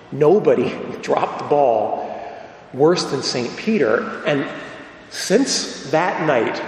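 Priest preaching with lively storytelling in echoey church. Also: male voice. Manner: storytelling, dramatic, pauses and drops to a low hush. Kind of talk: sermon. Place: large church. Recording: echoey church with long reverb.

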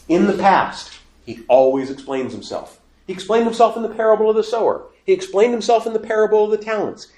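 A man preaching a sermon, animated, building to emphatic quoted lines. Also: sits high, roomy sound.

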